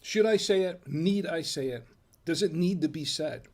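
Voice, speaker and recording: Sampling food and wine with little murmurs, this wine review host keeps his casual tasting chatty and folksy. He's an American man from the United States. His voice is a little high and a little mellow, moving at a moderate pace.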